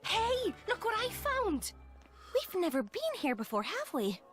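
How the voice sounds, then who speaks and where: A man putting on a high, slow, squeaky voice for a curious game character. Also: wildly swooping pitch, over loud music, full character voice. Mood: playful.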